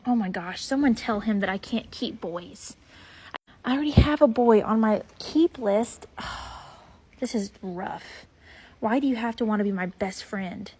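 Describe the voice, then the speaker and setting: A woman's voice: medium pitch, a little slow, darkish tone, husky. A woman filming her foals in a barn, gushing at them in casual baby talk. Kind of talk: casual vlog talking to foals. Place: horse barn and arena.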